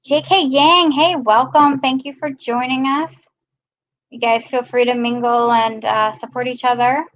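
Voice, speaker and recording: A woman's voice: high voice, fairly even intonation, a little slow, fairly bright tone, highs cut off. A woman hosting a casual live stream, chatting and greeting viewers by name. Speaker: live-stream host filling in.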